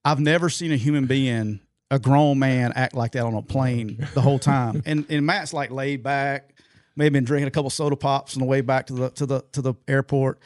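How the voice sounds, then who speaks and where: A man's voice: medium pitch, steady tone, brisk, a little mellow, dry recording, clean studio sound. A middle-aged man co-hosting a sports podcast, telling stories in a loose, rambling way full of fillers and restarts. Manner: rambling anecdotal storyteller, many fillers and restarts. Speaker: podcast co-host. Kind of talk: casual sports podcast storytelling.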